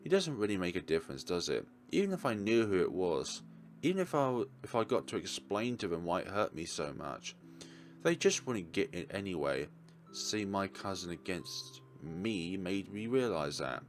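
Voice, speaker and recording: A man voicing a gentle young game hero who blames himself, speaking in a hesitant, subdued way. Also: deep voice, sing-song, normal speed, a little hiss or hum. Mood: weary. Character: gentle, guilt-ridden young game hero, self-blaming.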